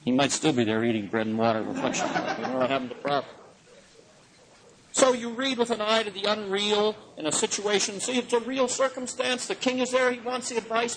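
A man giving a lecture on the Bible in an animated way, chuckling often and swinging his pitch for emphasis. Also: slight background noise, rough recording. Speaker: Bible teacher.

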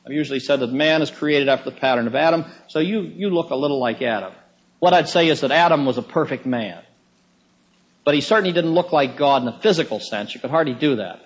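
A man preaching a sermon, emphatic, with sudden rises in pitch for stress and chuckles at his own asides. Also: animated, quick pace, poor audio.

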